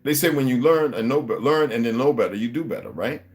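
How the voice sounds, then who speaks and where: A man's voice: medium pitch, expressive, fast talker. Male livestream host, mid-range voice, rambling preachy rants full of swearing, faint music underneath. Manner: rambling, profane, preachy ranting. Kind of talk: casual livestream talk to viewers.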